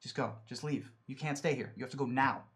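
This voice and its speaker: A man's voice: medium pitch, steady tone, fast, natural voice. A man voicing a worried protective man. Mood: urgent. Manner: hushed, pleading, then politely stalling. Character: worried protective middle-aged man, urgent. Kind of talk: tabletop role-play voicing.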